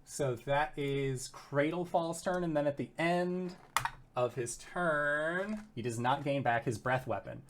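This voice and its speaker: A man narrating as game master of a tabletop game, with animated bursts of shouted character lines. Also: fairly high pitch, a little slow, slight background noise.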